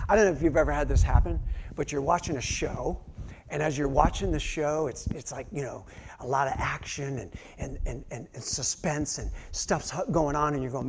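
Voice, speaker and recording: A male pastor delivers a sermon with a fairly high-pitched voice, animatedly telling stories and acting out quotes. He swings between loud outbursts and hushed near-whispers, with a little hiss or hum in the recording.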